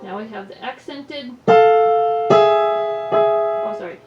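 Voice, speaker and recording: Woman piano teacher, patient and step-by-step, slow and slightly high voice, echoey room, mic set back, loud piano. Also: far from the mic, lo-fi sound. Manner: patient, explains each finger and note in turn. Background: piano playing.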